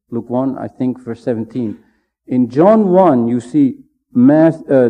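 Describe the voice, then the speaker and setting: A man giving a measured, emphatic Bible teaching sermon, pausing often to stress his points. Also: a little high. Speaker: preacher. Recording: dull lo-fi sound.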